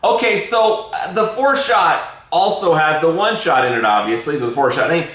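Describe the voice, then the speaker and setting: A man's voice: fairly high pitch, lively intonation, moderate pace, a bit bright. A man hosting a casual gardening show, chatty and joking, asking his guest follow-up questions. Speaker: show host. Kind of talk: casual podcast chat. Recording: echoey room.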